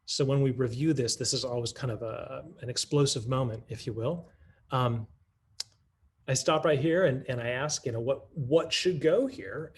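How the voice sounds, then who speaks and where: A man's voice: mid-range voice, slight background noise. Teacherly man presenting a math lesson. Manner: teacherly, thinks aloud with restarts and rhetorical questions. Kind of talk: conference talk modeling a classroom lesson.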